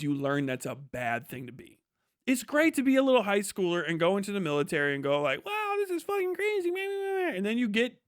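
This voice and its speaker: A man's voice: sits high, fairly bright tone, dry recording, studio quality. A young man who is a streamer, ranting profanely and heatedly, with mocking impressions of others. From United States. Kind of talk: ranting livestream monologue.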